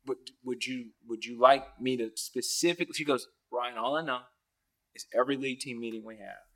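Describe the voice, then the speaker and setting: A man guesting on a podcast, telling stories casually and acting out other people's lines with big jumps in pitch, laughing often as he goes. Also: brisk. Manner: animated, acts out quoted voices with big pitch jumps; laughs often mid-story. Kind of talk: casual storytelling.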